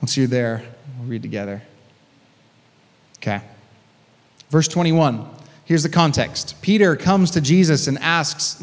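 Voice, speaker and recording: A man's voice: fairly high pitch, measured pace, pauses often. A man preaching a sermon as a pastor, reading scripture and breaking in with casual, conversational asides. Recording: long hall reverb.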